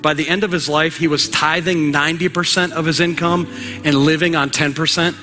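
A male pastor preaching a sermon with emphatic exhortation, sometimes rising to a shout, in a church. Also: a little high, steady tone, brisk, faint music behind. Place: church sanctuary.

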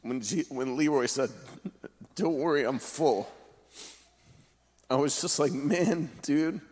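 A man's voice: fairly high pitch, a little mellow, long reverb tail. Earnest man pastor sharing a testimony. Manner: earnest and heartfelt, pausing to reflect. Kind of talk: telling a personal faith story.

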